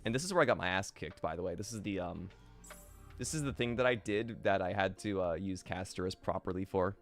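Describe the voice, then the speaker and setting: A man's voice: deep voice, brisk, soft background music. A man streaming a game live, thinking aloud and answering chat with many fillers.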